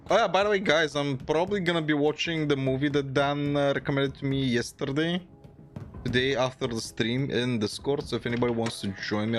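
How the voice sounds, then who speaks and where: A man streaming a video game, chatting casually and thinking aloud as he plays. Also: mid-range voice. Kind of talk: casual gameplay commentary.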